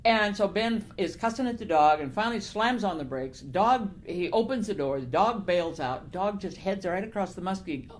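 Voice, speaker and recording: A woman's voice: medium pitch, animated, normal speed, hardly any pauses. An older woman author, talking in a casual interview, telling her stories with animation, laughing often and growing emotional. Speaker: novelist guest. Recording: faint background noise.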